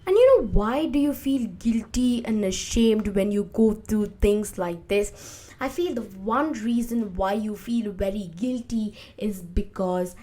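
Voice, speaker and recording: A young woman speaks alone on her podcast, unhurried and drawn-out. Her voice sits at a middle pitch and swells suddenly louder when she acts out what people think in pain. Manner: slow, emotive, acts out inner voices with big swings in loudness. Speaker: podcast host. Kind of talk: reflective podcast monologue.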